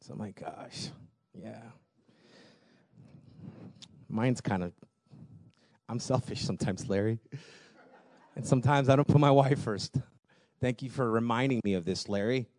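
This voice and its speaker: A man preaching a sermon, telling personal stories in a lively way, laughing often and repeating words as he goes. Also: mid-range voice, unhurried, pauses often, no room sound. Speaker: pastor.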